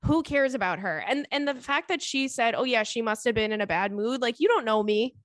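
A young woman hosting a casual podcast, reading listener letters aloud and reacting with animated indignation and frequent swearing. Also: a little high, brisk, no room sound.

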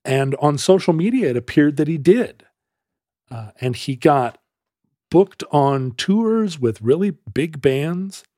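A man in easy conversation with a lively voice that swings up and down, a little higher than most men, and he keeps slipping into other people's voices while he tells the story. He sits close to a dry, dead-sounding mic. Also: takes it slowly, no room sound. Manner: animated storyteller who acts out quoted voices. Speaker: podcast host. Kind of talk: casual storytelling chat.

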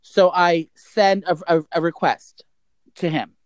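A man's voice: high voice, unhurried, no echo. A man telling a gossipy personal story in a casual, rambling way, full of restarts.

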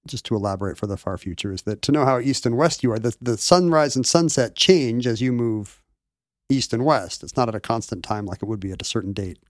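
A man's voice: medium pitch, lively intonation, brisk, no room sound, studio quality. Man explaining things at length. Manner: explains at length, elaborating with asides. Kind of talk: casual chat.

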